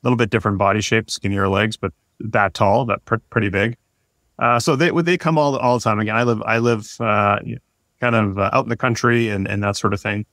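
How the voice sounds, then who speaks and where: A man's voice: lowish voice, brisk, dry recording, clean studio sound. A man in his forties, a podcast guest telling a story casually, rambling with many fillers and restarts. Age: 40s. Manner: rambling, lots of fillers and restarts, lively when retelling.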